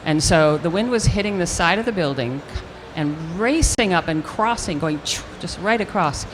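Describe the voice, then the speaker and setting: An older woman, an actress, telling a lively anecdote in an interview, acting out the quotes as she goes. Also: lowish voice, normal speed, soft background music. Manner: animated storyteller acting out quotes with restarts. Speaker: actress guest.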